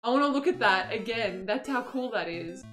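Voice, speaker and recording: A woman in her twenties with an Australian accent, giving excitable, casual commentary while playing a game and laughing often. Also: on the high side, moderate pace, music in the background. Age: 20s. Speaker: game streamer.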